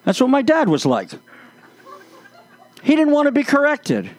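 A man's voice: very high-pitched, huge pitch swings, measured pace. A man preaching a sermon, telling playful, self-mocking stories and stretching words for emphasis. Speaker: pastor.

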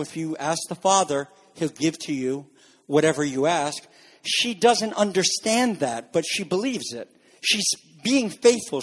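A man preaching a sermon as a pastor, earnest and explanatory, pushing his voice higher for emphasis. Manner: earnest, rises in pitch for emphasis. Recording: long reverb in a large room.

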